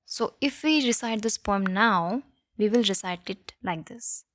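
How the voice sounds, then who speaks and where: A woman's voice: medium pitch, unhurried, a bit bright, no room sound, clean studio sound. A woman with an Indian English accent teaching a literature lesson. She explains step by step, slips into Hindi now and then, and keeps checking in with "okay?" and "right?". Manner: switches between English and Hindi. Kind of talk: classroom lecture.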